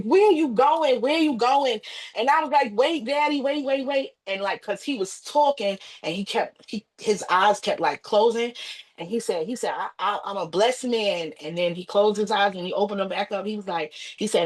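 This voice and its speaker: A woman's voice: mid-range voice, husky. A woman, a podcast guest, telling an emotional personal story, acting out the voices of family members and repeating herself. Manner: animated retelling with acted quotes and repetition.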